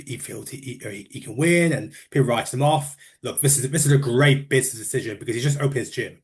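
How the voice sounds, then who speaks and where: Chatty man hosting a casual interview. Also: mid-range voice. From United Kingdom. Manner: chatty, repeats words, says "look" and "mate". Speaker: interview host.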